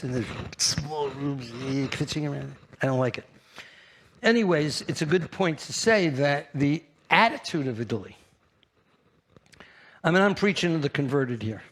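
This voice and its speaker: Older new york guy doing a keynote, brash and animated, pokes at the crowd. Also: mid-range voice. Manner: brash, animated, teasing the audience. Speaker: keynote speaker. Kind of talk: conference keynote.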